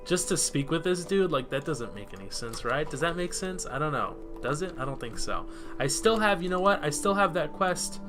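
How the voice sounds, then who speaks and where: A man giving rambling, excitable let's play commentary, swearing freely while he plays. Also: a little high, normal speed, music in the background. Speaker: gameplay commentator.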